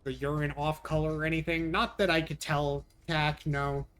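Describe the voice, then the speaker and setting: A young man chatting casually on a live stream, his voice sitting a bit high for a man. He vents with exasperation and frequent swearing while answering his viewers' comments. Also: little pitch movement, normal speed, a bit bright.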